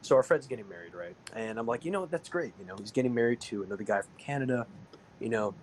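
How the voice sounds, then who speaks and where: A man's voice: medium pitch, animated, fast talker, slight background noise. A man telling a long, rambling story on a casual podcast, filling it with "right?" and "you know". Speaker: podcast host.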